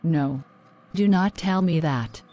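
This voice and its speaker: A woman playing an earnest, anxious mother in a cartoon story, in a fairly low voice full of motherly concern. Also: takes it slowly, mellow. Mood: worried. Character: anxious, caring mother, middle-aged. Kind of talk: animated story voice acting.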